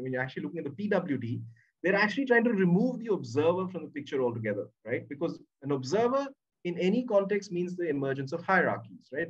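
Academic lecturer, male, husky and fairly high-pitched, heard on muffled, distant webinar audio. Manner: tags statements with a questioning "right?"; reads quoted passages aloud and then comments on them. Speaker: academic presenter. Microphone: computer mic on a video call.

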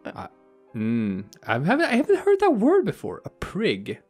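A woman's voice: fairly low pitch, huge pitch swings, normal speed, darkish tone, slightly rough, soft background music. A woman co-hosting a let's play, chatting casually and teasing her partner, often laughing. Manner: teasing, playful, laughs a lot. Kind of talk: casual game commentary.

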